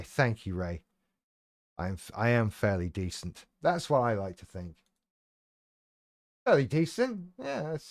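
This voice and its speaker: A man's voice: on the low side, expressive, moderate pace, no echo, studio quality. A man hosting a live stream, chatting casually in a rambling, irreverent, sweary way and reacting to viewers' comments.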